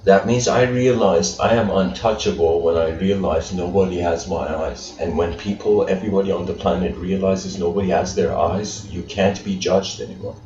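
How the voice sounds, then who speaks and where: A man's voice: sits low, fairly even intonation, moderate pace, few pauses, darkish tone. A man giving a casual spiritual lecture, rambling with many fillers and frequent laughs. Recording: echoey room, far mic, dull sound, faint music.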